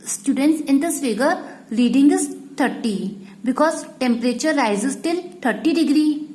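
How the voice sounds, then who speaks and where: A woman teacher, explaining a lesson to students slowly and repeating each point. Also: high voice, expressive, darkish tone, low-quality recording. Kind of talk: slow classroom explanation.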